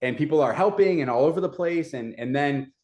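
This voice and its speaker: A young adult man, a community advocate, retelling events in a casual, animated way with many fillers. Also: fairly high pitch, fairly quick. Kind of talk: casual storytelling.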